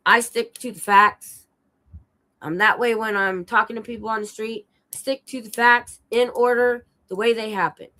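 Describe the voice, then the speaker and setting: A woman with a hoarse, under-the-weather voice chats casually on her stream. She tells an animated story, acts out the lines of the people in it and swears along the way. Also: a little high, normal speed, rough recording. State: sick and hoarse. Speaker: streamer telling a travel story. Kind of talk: casual chat. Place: home streaming setup.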